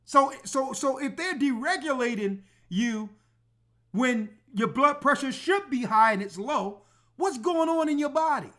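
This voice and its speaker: Man, casual storytelling, emphatic, animated, lively pitch, acts out dialogue. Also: unhurried. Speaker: church elder and show host.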